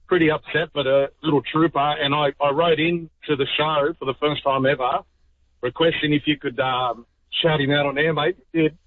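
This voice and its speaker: A man's voice: fairly high pitch, no room sound. An Australian man calling a radio show, heartfelt and a little emotional. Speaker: caller. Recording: phone line.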